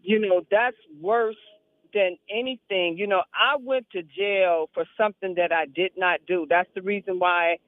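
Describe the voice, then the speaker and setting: A woman's voice: on the low side, unhurried, no echo. A woman calling into a radio show, speaking passionately and emphatically, repeating phrases for weight. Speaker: caller. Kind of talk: call-in radio talk. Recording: tinny phone line.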